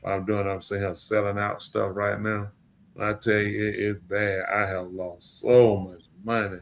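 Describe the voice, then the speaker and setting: A man's voice: fairly low pitch, flat delivery, moderate pace, gravelly, slight background noise. A man hosting a podcast in casual chat, rambling and lamenting, repeating himself in drawling, slangy speech. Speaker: podcast host.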